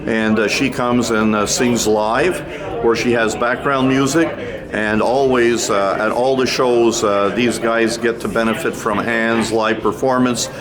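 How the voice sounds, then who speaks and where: A man's voice: medium pitch, fairly even intonation, unhurried, a crowd in the background. A man working as a roving reporter, interviewing people on an audio trade show floor in a rambling, chummy way with lots of restarts. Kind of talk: casual on-the-floor interview chat.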